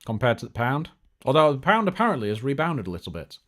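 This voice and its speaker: A man's voice: medium pitch, big pitch swings, fast talker, a bit bright. A man hosting a casual tech live stream, chatty and joking, with lots of fillers and restarts. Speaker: tech show host.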